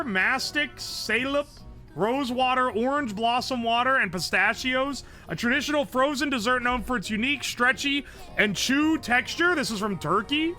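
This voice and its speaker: A male streamer thinking aloud over a food guessing game, excitable and profane. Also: very high-pitched. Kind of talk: casual game commentary.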